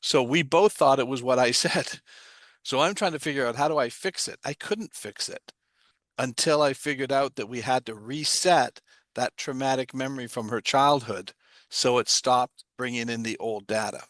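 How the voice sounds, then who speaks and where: A man's voice: medium pitch, moderate pace, fairly bright tone, no echo. A man giving an explanatory talk, asking himself rhetorical questions and answering them. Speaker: guest speaker on trauma. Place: online livestream.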